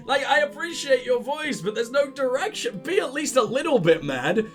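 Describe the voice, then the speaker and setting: A man's voice: very high voice, sing-song, moderate pace, faint music behind. A man commentating on his own gameplay, sarcastic and profane, mocking what he sees. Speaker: let's play host.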